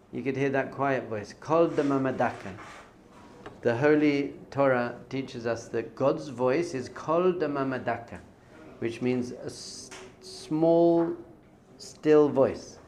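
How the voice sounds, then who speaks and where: A man's voice: medium pitch, a little mellow. A man teaching as a rabbi in an informal spiritual lesson. He talks conversationally, repeats phrases for emphasis and mixes in Hebrew terms.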